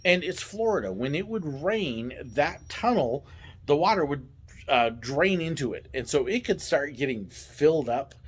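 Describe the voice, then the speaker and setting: Lively male storyteller, a bit high, big swings in pitch, playful and casual. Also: a little slow, husky. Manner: animated, playful, acts out quoted voices. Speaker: vlog host, former theme park ride driver.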